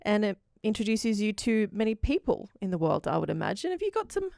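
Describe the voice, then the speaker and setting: A woman's voice: mid-range voice, sing-song, fairly quick, creaky, a little mellow, dry recording, studio quality. A woman co-hosting a casual chat, asking questions and laughing often. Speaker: co-host.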